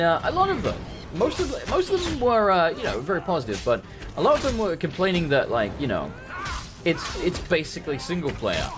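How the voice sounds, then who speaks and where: A man casually commentating a game he plays, excitable, swearing often and talking back to the characters. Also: on the high side. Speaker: let's play host.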